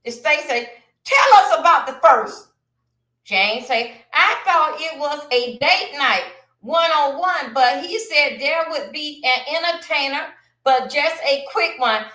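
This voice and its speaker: High, bright-voiced woman streamer. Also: echoey room. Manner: animated, slow and drawn out, with exclamations and sighs. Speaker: livestream host recapping court testimony. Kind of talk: casual livestream commentary, reading aloud.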